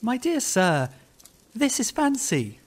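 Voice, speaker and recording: A man voicing a calm clergyman scholar in a dramatic reading of a classic ghost story, soothing and mildly chiding. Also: very high voice, takes it slowly, slight background noise, voice pushed up, full character voice.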